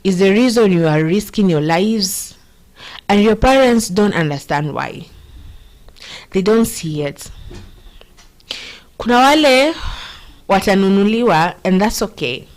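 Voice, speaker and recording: A woman's voice: mid-range voice, lively intonation, measured pace, long pauses, darkish tone. A woman with a Kenyan accent hosting a show, giving earnest, rambling political commentary and slipping Swahili slang into her English.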